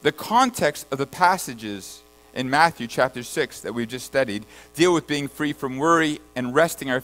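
A man preaching a sermon and reading scripture aloud, rising to loud emphatic bursts and then dropping low and soft. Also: low-quality recording. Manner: reads scripture verses aloud. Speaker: pastor.

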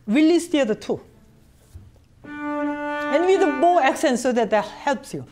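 A woman teaching a cello master class, coaching a student directly in halting phrasing and singing passages on syllables to show them. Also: high voice, very animated, darkish tone, soft background music. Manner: sings phrases on syllables to demonstrate.

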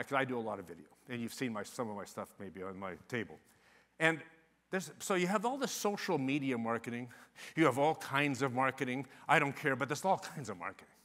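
A man in his sixties giving a lively sales talk to a conference audience, acting out quoted phone calls with a lot of back-and-forth. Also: mid-range voice. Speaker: conference speaker. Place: conference hall stage.

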